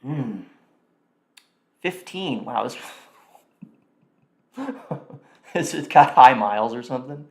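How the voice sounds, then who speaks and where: A man's voice: mid-range voice, expressive, slow pace, long pauses. A man hosting a live stream, chatting casually and thinking aloud as he reacts and mutters to himself. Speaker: livestream host. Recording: roomy echo.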